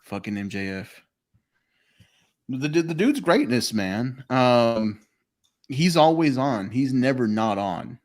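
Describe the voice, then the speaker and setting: A man hosting a loose, casual podcast at an ordinary mid-range pitch. He talks in a relaxed storytelling way, swears freely and laughs often. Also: slow pace, long pauses. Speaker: podcast host. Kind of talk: casual chat. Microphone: phone call.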